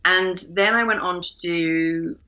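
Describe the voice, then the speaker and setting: An actress chatting in an interview, talking loosely with lots of fillers and restarts. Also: female voice, fairly low pitch, slow pace. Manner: chatty, many fillers and restarts, bright lively laugh. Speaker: actor, interview guest. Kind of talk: casual video-call interview. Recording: dull muffled home call audio.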